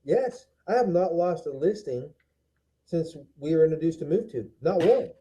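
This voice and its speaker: A man's voice: a little high, animated, moderate pace, mellow, slight background noise. A man who works as a real estate agent, speaking in a confident, emphatic way in a casual chat. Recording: dull lo-fi sound.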